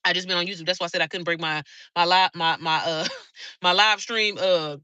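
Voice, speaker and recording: A woman's voice: lowish voice, fairly even intonation, a little fast, bright, forceful tone, no echo. A woman coach talking to viewers on a live stream, fired up, blunt and full of swearing. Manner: fired-up, blunt and heavily profane. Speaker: online business coach.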